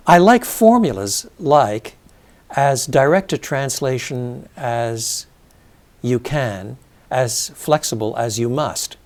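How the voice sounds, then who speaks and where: An older man answering interview questions at length, thoughtful and measured, with frequent ums and restarts as he explains. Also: mid-range voice, darkish tone. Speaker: interview guest, scholar.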